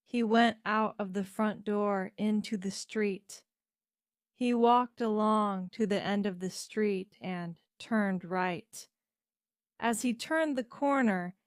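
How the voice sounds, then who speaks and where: Woman reading a learner story real slow, clear, dry close mic. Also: medium pitch, no echo. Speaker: narrator. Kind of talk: graded reader story narration.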